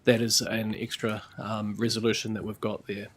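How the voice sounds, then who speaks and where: A man chairing a council meeting in a procedural, halting way with many fillers, at a chamber table microphone. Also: fairly low pitch, level tone, a bit bright.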